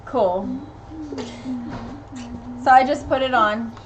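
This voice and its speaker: A woman's voice: a little high, takes it slowly, slight background noise, rough recording. A woman in her thirties from Tennessee, a mother chatting casually on a live stream, rambling with many ums and reading viewer comments aloud. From Tennessee, USA.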